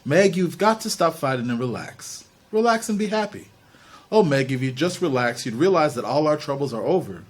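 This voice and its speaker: A man's voice: a little high, expressive, moderate pace. A man voicing a possessed little boy who speaks in a bland, coaxing, falsely reasonable way.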